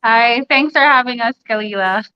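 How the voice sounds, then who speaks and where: A woman guest on a TV show talking casually about her partner in a slow, fond way over a video call. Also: fairly high pitch, clean tone. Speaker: game show contestant guest. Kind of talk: casual chat. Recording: dull lo-fi video call audio.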